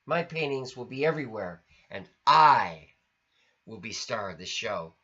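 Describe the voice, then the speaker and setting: A man's voice: medium pitch, expressive, a little slow, bright, forceful tone, slightly rough, heavily acted. A man voicing a proud, insistent young male animal brother who paints, in a storybook reading. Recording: lo-fi recording.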